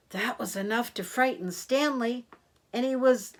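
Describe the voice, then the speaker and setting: Older woman storyteller, slow read-aloud for kids, gentle and animated. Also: fairly high pitch. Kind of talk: reading picture books aloud to children.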